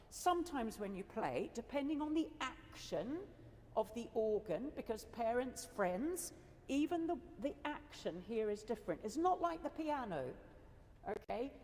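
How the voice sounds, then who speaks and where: A woman's voice: on the high side, darkish tone, big-room sound, slight background noise. A woman organist giving a chatty, enthusiastic talk to an audience after a competition. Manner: chatty and enthusiastic, with laughs and asides. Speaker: organist adjudicator. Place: school hall.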